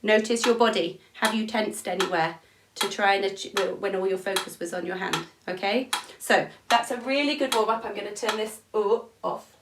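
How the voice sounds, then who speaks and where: A woman's voice: medium pitch, normal speed. A woman teaching an online music lesson for young children from her home, encouraging and counting beats aloud. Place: at home, room with instrument. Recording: echoey room, mic at a distance, noisy.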